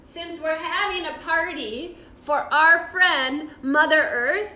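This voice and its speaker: A woman's voice: very high voice, slow pace, noisy background. A woman leading a children's yoga class with a cheerful, sing-song, encouraging way of talking. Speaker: kids' yoga teacher. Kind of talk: guided kids' yoga class. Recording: roomy echo from far off.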